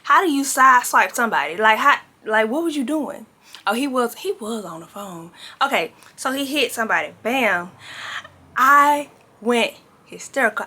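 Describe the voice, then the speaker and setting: A young woman speaks straight to her camera in a bright, ringing voice pitched a little high. She retells a personal story casually and with flair, leaning on "like" and "baby" as she goes. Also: moderate pace. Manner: animated, dramatic retelling with frequent "like" and "baby". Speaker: vlogger telling a story.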